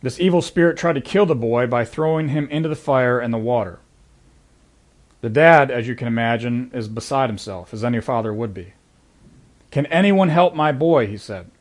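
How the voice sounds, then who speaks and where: A pastor with a medium-pitched voice preaches a sermon at a fairly quick pace, earnest and conversational, leaning into key lines with sudden emphasis.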